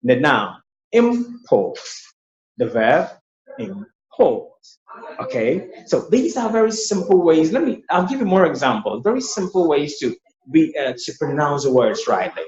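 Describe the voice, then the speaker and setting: A man's voice: on the high side, big pitch swings, normal speed. A man tutoring English pronunciation in an online lesson. He explains patiently and often repeats his words. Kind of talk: online lesson with screen sharing. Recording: roomy, dull lo-fi sound.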